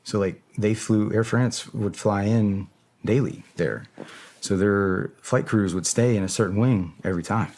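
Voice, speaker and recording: Middle-aged man, very deep voice, profane casual storyteller, lots of "like". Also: measured pace. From United States. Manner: profane, heavy filler words, acts out yelled quotes. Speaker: podcast guest, former special operator.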